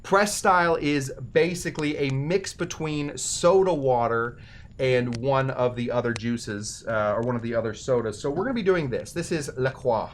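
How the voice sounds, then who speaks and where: Guy hosting a drinks show, mid pitch, rambly and jokey, cracks on himself a lot. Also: moderate pace, a little hiss or hum. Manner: rambling, self-deprecating, jokey asides. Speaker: cocktail show host. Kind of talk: casual comedic how-to talk.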